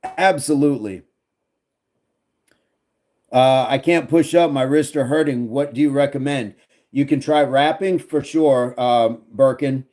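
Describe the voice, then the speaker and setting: A man's voice: medium pitch, a little slow, long pauses, dark tone. A man casually hosting a fitness livestream, joking and laughing as he reads chat comments aloud.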